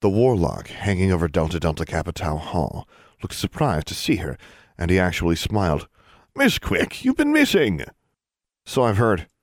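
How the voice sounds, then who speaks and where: A man calmly narrating an audiobook. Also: low voice, no room sound, studio quality. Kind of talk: scripted narration.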